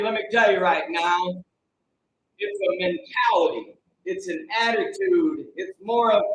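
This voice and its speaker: An energetic American man with a high voice hosts a live stream, calling out viewers by name and breaking into preacher-like exclamations. He sounds like he is in an echoey room with a faint hiss of noise. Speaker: host of a live-streamed Christian show.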